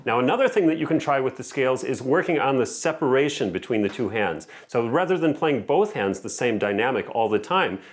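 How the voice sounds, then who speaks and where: A male piano teacher walks through practice methods in a clear, methodical way, at an ordinary middle pitch. Faint piano music sits in the background of the recording. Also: expressive, a little fast, few pauses. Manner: clear, methodical explaining with spoken examples. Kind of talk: instructional lesson. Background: piano playing between explanations.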